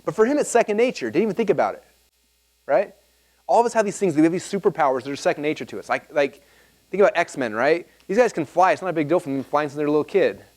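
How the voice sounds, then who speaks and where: Fast-talking animated man giving a seminar. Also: fairly high pitch. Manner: fast, animated and rambling, with many fillers and restarts. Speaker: marketing seminar speaker. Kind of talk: live seminar talk to an audience.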